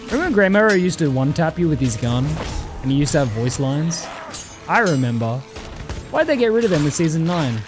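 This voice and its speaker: A young Australian man streaming a game, chatting casually, swearing often and reading chat, over clear background music. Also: a little high, very animated, brisk. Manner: laid-back, swears often, reads chat.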